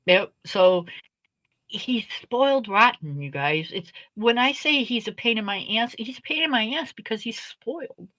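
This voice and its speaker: A woman's voice: a little high, expressive, moderate pace, a bit bright, poor audio. An older woman, a grandmother, hosting a casual live stream, laid-back and chuckling with short agreeing replies. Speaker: host of a coloring live stream.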